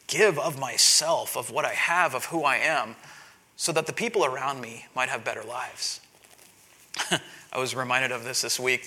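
A man in his thirties preaching a sermon, telling a family story with animated delivery and laughing between lines. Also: medium pitch. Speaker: pastor.

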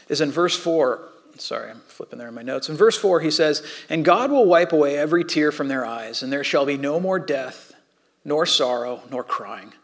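A man preaching to his congregation in a fairly high voice. He tells stories with lively energy and sometimes drops almost to a whisper. He sounds like a pastor in his thirties or forties. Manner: animated storytelling, dropping to soft near-whispers. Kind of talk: sermon.

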